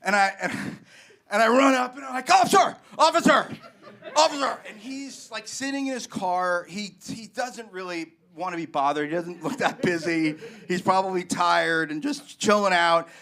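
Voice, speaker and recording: A man telling a comic personal story on a live comedy stage, animated and rambling, with lots of fillers. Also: sits high, normal speed. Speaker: guest storyteller.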